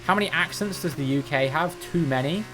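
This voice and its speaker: Speaking briskly in a fairly high voice with music playing behind him, this Cornish game streamer talks casually during a livestream. He has a general Southern English accent and thinks out loud, frequently restarting.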